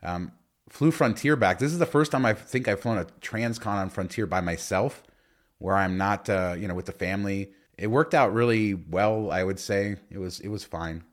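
Low-voiced man telling a rambling story. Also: normal speed. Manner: rambling storyteller with many fillers. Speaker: podcast co-host. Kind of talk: casual chat.

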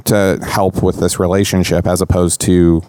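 A man's voice: low voice, level tone, moderate pace, a little mellow, smooth, no room sound, studio quality. A man hosting a casual podcast roundtable, explaining ideas in an earnest, talkative way. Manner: teasing, then earnest and explanatory. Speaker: podcast host. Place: indoor podcast recording.

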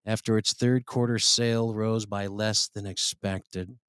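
A man co-hosting a comedy podcast in casual chat, animated and laughing, reading stories aloud with put-on voices. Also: lowish voice, unhurried, clean tone, no room sound, clean studio sound. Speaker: podcast co-host.

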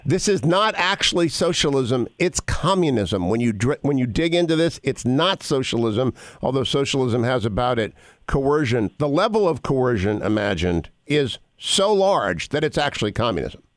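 A man hosting a radio talk show, speaking emphatically and deliberately, reading a document aloud point by point. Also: mid-range voice, big pitch swings, no room sound, studio quality. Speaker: radio host.

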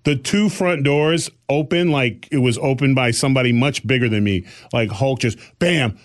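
A man's voice: mid-range voice, moderate pace, no echo, clean studio sound. A middle-aged man co-hosting a podcast, telling a story in casual chat and acting out other people's voices. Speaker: podcast co-host.

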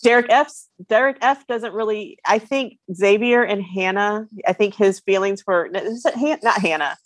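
A woman's voice: mid-range voice, normal speed, dry recording. Woman with a dry, close sound. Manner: talks in restarts while searching for words. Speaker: podcast panelist. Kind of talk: casual podcast chat.

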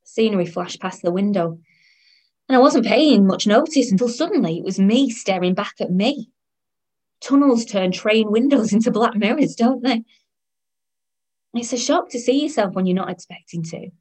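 A woman narrates an audio drama in the first person. Her delivery is wry and tired, with a sardonic bite. Her voice sits at an ordinary middle pitch. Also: lively intonation, moderate pace, a little mellow. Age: 30s.

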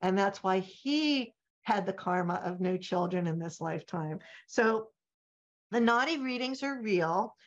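Woman telling a lively story. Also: medium pitch, measured pace. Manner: animated anecdote telling, acting out quoted voices. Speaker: author guest. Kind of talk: storytelling in a podcast interview. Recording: slightly dull lo-fi audio.

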